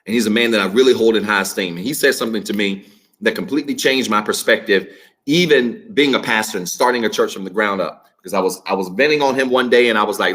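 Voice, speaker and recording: A pastor on a church livestream preaches to an online congregation, addressing viewers directly in an emphatic, repetitive style. His voice is lowish, fast, and a bit bright.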